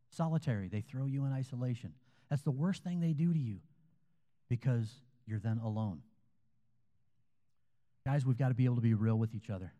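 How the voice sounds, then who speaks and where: A man's voice: mid-range voice, dark tone, long reverb tail. A man preaching a sermon as a pastor, in a conversational way, telling stories and quoting other people. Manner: conversational preaching, storytelling with quoted voices.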